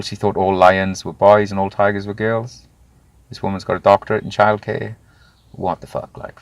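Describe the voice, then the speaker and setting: Male interview guest, 30s, gravelly low voice, dry close sound, blunt and animated storyteller. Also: no echo. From Wales. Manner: animated, swears freely, acts out quoted voices. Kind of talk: candid conversational storytelling.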